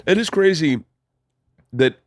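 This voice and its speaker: A man's voice: a little high, animated, slow, no room sound, studio quality. Laid-back man hosting a podcast. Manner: laid-back, agreeable, storytelling. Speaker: podcast host. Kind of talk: casual chat.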